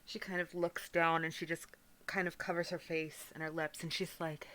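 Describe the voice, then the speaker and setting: A woman player describing her character's actions in a soft, hesitant way. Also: deep voice, flat delivery, moderate pace.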